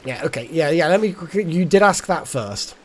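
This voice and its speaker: A man's voice: a little high, expressive, brisk. A man streaming a game live, chatting casually and thinking aloud as he plays. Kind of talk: casual live gameplay commentary.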